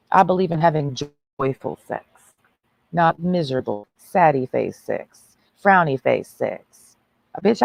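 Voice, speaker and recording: Woman livestreaming, brash mocking rant, gravelly voice, big swinging pitch, dry close sound. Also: dry recording, poor audio. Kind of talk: ranting livestream monologue.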